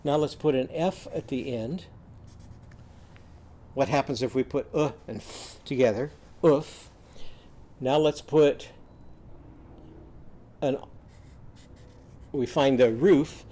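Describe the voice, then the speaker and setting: A man's voice: medium pitch, slow pace, pauses often, warm tone. A man demonstrating a reading lesson, with an upbeat, sing-song teaching manner, sounding out letters and cheering.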